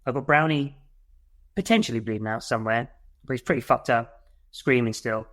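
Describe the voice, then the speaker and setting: Brisk and mid-range, this former soldier from the United Kingdom recounts a war story on a podcast. He swears, keeps it blunt, and mimics the shouts he gave at the time.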